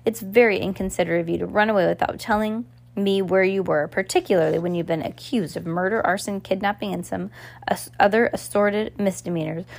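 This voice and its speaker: A woman's voice: mid-range voice, fairly even intonation, a little fast, gravelly, close to an everyday voice. A woman reading aloud and voicing a pompous, coughing middle-aged male banker who scolds and sputters. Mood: scolding. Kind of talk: audiobook character voice.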